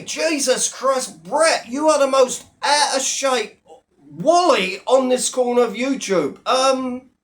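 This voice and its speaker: A man's voice: very high-pitched, a bit bright. A man ranting to camera as an online commentator, blunt, sweary and mocking. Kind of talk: profane rant to camera.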